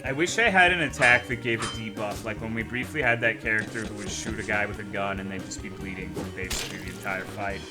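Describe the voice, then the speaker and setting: A man's voice: on the low side, fairly even intonation, fast, few pauses, over loud music. A man streaming a game, chatting casually and offhandedly with plenty of swearing. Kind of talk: casual gaming stream commentary.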